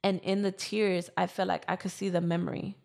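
Young woman in her 20s, low gravelly voice, rambly casual storytelling. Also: little pitch movement, brisk, a little mellow. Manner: storytelling with many fillers. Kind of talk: casual chat.

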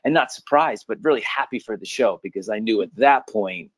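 A middle-aged man, an actor, telling stories in a casual interview with an animated, laughing manner. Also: fairly low pitch, brisk, breathy edge, no echo. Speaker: actor guest.

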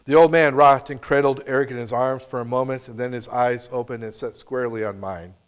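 Pastor telling a story with dramatic hushes. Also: male voice, medium pitch, steady tone, fairly quick, clear, resonant tone. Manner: dramatic reading, dropping to near-whispers. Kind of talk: sermon storytelling.

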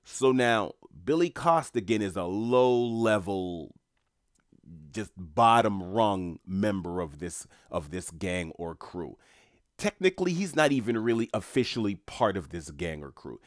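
New guy chatting to his viewers, rambling, lowish voice, dry close mic. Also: big pitch swings, unhurried, dry recording. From New York. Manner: rambling, conversational, addresses viewers. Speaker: commentator. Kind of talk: casual monologue.

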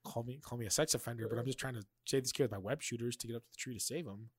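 A man's voice: medium pitch, rapid-fire, slightly rough, no room sound, clean studio sound. A young man in casual chat, rambling and profane, explaining things in a laid-back way.

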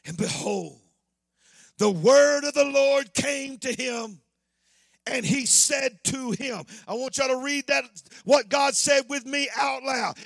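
A male preacher delivering a fervent sermon, shouting his points and calling out to the congregation. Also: very high-pitched, slow pace, vocal fry, no room sound, studio quality.

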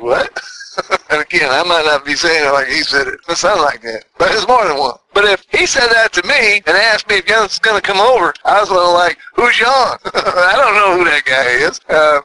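Older male host, folksy storyteller, very bright tone, slightly raised pitch. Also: low-quality recording. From New York. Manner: folksy, rambling, chuckles often. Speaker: podcast host. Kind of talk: casual monologue.

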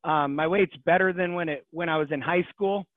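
A man's voice: a little high, fairly quick, no room sound. A man in his forties who is a podcast guest, speaking earnestly and hesitantly with many fillers. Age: 40s. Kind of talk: casual interview chat. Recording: tinny phone-like line.

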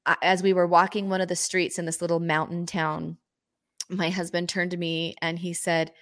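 Woman, 30s, interview host, heartfelt storytelling, lowish voice, dry room. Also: level tone, moderate pace, dry recording. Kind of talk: conversational interview.

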